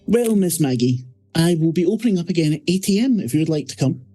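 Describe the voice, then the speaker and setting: Brief: courteous old-fashioned bookseller, formal and unhurried, mellow tone, voiced by a man GM. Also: fairly high pitch, lively intonation, soft background music, pitched above the performer's own voice, close to an everyday voice.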